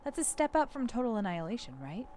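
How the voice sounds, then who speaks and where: A woman streamer reading a video game aloud on a live stream, animated, laughing now and then. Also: fairly high pitch, fast, slight background noise.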